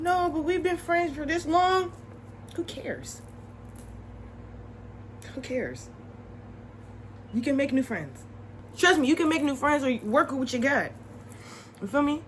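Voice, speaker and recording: A young woman vlogging, chatting casually to the camera with advice, animated and repeating her points for emphasis. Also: high-pitched, a little hiss or hum, poor audio.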